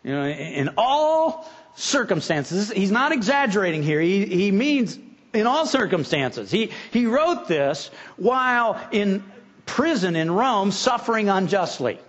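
A man's voice: high voice, big pitch swings, a little slow, fairly bright tone, muffled recording. A middle-aged man preaching a sermon in a folksy way, often repeating words as he starts sentences. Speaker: pastor.

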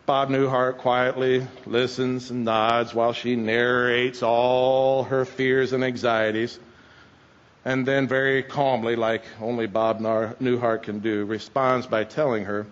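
A man's voice: mid-range voice, little pitch movement, a little slow. Folksy male preacher, muffled lo-fi recording. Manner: conversational, folksy and wry. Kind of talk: sermon. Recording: dull lo-fi sound.

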